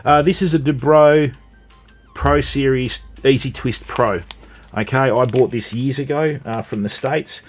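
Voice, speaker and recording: A man's voice: medium pitch, fairly even intonation, a little slow, soft background music. A man with an Australian accent hosting a casual live stream, chatting and greeting viewers while he works with his hands.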